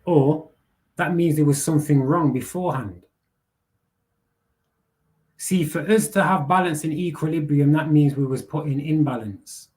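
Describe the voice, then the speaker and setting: A man's voice: on the high side, measured pace, long pauses, darkish tone. A young man, hosting a live panel and ranting bluntly with heavy swearing, street slang and repeated words. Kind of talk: casual rant.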